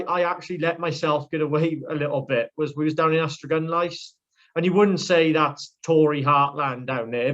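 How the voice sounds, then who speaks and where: A young man from Wales speaks his mind in a casual interview, blunt and outspoken, his voice sitting a little high. The audio is dull and lo-fi, as if carried over a remote call. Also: fairly bright tone. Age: young adult. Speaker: politician interviewed as guest.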